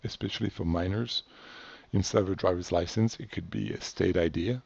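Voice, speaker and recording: A man from France talks through a tutorial in an offhand way, full of fillers and quick self-corrections. His voice sits very low, with a gravelly, husky edge. The recording is dull and lo-fi. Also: steady tone, a little mellow, no room sound. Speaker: instructor. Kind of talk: casual screen-share tutorial.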